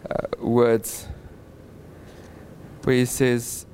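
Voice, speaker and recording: A man's voice: mid-range voice, extremely slow, slight background noise. Man retelling a Bible story with animation. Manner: animated storytelling with chuckles and restarts. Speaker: Bible teacher.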